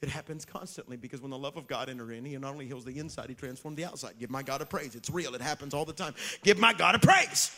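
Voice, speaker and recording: A man preaching a sermon, telling stories and calling out to the crowd, with sudden swings from shouting to hushed whispers. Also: mid-range voice, racing, few pauses. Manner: storytelling, calls out to the crowd.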